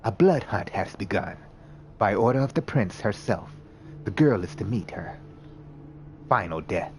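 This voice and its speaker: A man's voice: on the low side, animated, slight background noise. A man doing an imperious female vampire enforcer. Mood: cold. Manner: slow, clipped, commanding.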